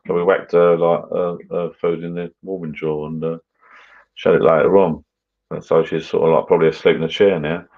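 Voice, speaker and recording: A man's voice: low voice, level tone, fairly quick, creaky, phone-quality sound. A middle-aged man hosting a casual live chat over drinks, rambling on as he reads out comments. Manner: rambling, mumbling on. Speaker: livestream host. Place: garden bar shed at home.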